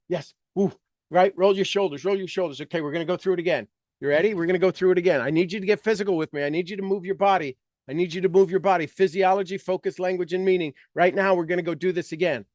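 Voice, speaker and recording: Male coach, slightly high voice, energetic and coaxing, dry close recording. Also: dry recording. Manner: energetic, coaxing, acts out reactions. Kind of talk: guided visualization workshop. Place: online video call session.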